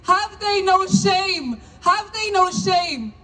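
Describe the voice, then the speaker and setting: A woman's voice: very high voice, animated, bright, forceful tone, rough recording. A woman from Argentina, a religious leader, giving a fiery and emphatic protest speech at an outdoor demonstration. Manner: fiery, rhetorical, slow, emphatic. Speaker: religious leader speaking at a rally.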